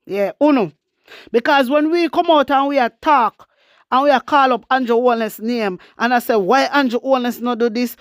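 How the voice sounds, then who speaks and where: A woman's voice: on the high side, normal speed, smooth, dry recording, studio quality. A Jamaican woman hosting casual political commentary, switching between patois and English and speaking straight to her viewers. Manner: animated, mixes Jamaican patois and English, addresses viewers as wisdom warriors; reads news excerpts aloud.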